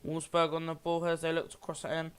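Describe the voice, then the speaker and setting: A man's voice: on the high side, completely flat delivery, fast talker, fairly bright tone, smooth. A man giving amateur play-by-play commentary on a football match, rambling a little and often restarting or correcting himself.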